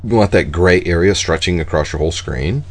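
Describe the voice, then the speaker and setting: A man co-hosting a casual tech podcast, telling stories in an exasperated, animated way. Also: low voice, a little fast. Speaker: podcast co-host.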